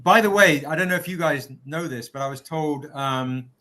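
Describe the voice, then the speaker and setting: A man's voice: a little high, normal speed, bright, forceful tone. A man hosting a live stream, chatting casually, greeting viewers by name and showing off merchandise. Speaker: livestream host. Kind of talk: casual livestream product pitch.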